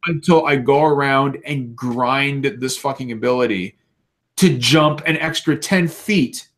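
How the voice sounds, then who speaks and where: A man's voice: mid-range voice, a little slow, a bit bright. A man on a casual podcast, ranting animatedly and swearing a lot. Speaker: podcast co-host. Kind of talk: casual chat.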